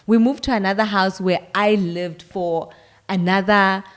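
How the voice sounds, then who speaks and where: A South African woman in her thirties co-hosting a casual chat, lively and quick to laugh, often talking straight to viewers. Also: mid-range voice. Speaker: co-host.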